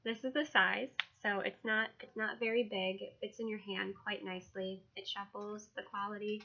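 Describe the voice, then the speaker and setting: A woman who reads tarot and is launching her own card deck, talking casually, emotionally and haltingly, with many fillers. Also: medium pitch, steady tone, creaky, sharp tone, highs cut off. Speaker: tarot reader and deck creator. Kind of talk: casual video walkthrough.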